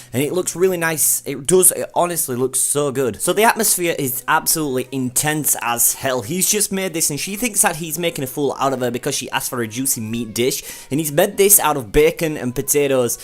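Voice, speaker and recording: A young man recapping and reviewing an anime episode in a casual, rambling way, full of fillers. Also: medium pitch. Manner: chatty, rambling, with frequent fillers and "like".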